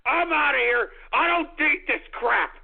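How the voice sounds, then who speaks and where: A hoarse man rants and screams on a call-in radio show, his voice very high and gravelly. It sounds tinny, like it came over a phone line. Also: a little slow. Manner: furious ranting, screaming and cursing. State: hoarse, voice going out.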